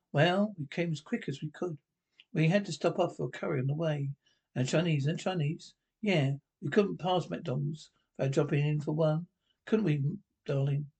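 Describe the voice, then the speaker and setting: A man speaking in a sketch comedy show with quick comic delivery. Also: on the high side, darkish tone, breathy edge. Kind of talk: sketch comedy, many characters.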